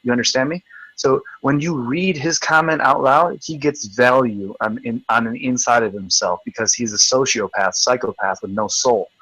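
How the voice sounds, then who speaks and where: A man's voice: medium pitch, moderate pace, pushed and bright, slightly rough, no echo, low-quality recording. Profane, taunting male stream host. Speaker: livestream host. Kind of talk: ranting live video chat.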